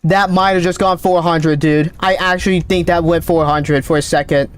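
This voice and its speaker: A man streaming a game live, calling out readings with excited running commentary, his voice cracking. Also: on the high side, clear, resonant tone, no room sound. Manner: excited, calls out numbers rapidly. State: voice cracking, thirsty. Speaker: gaming streamer.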